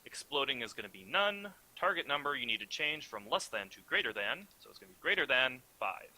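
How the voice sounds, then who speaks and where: Bright-voiced young game master. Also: male voice, medium pitch, sing-song, brisk, poor audio. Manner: hesitant, filler-heavy narration. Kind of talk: narrating a tabletop game.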